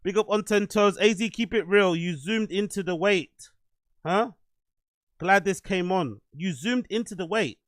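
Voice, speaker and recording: Casual host, raised voice, cursing, dry close sound. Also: male voice, high-pitched, no room sound. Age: adult, "you get older". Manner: swearing, rambling, self-deprecating. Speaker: podcast host. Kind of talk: casual livestream chat.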